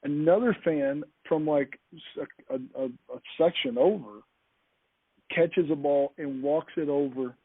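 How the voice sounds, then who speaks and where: A man's voice: on the high side, measured pace, husky, no room sound. Enthusiastic man on a tinny call line. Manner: enthusiastic, with frequent restarts. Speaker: podcast speaker. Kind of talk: animated anecdotal storytelling. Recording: tinny phone-like call audio.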